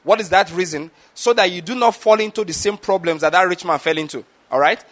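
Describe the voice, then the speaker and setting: A man's voice: sits high, brisk, a bit bright. A man preaching a sermon, often asking his listeners if they follow him. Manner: asks the audience rhetorical questions and checks understanding. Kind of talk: sermon teaching.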